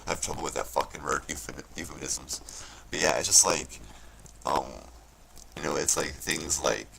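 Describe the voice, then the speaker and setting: A man's voice: rumbling low, normal speed, creaky, pushed and bright, slight background noise, low-quality recording. A man delivering a rambling, profane, indignant rant straight to camera, swearing constantly and mocking what he dislikes. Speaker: vlogger.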